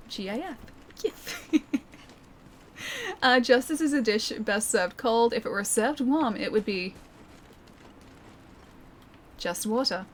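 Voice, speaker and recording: A woman's voice: a little high, unhurried, long pauses, a little hiss or hum. A woman with an Australian accent streaming a game, chatting and laughing as she reads chat and calls out her moves. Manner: chatty and playful, laughs often. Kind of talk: live gameplay commentary, reading chat aloud. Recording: loud game music behind the voice. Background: loud game music.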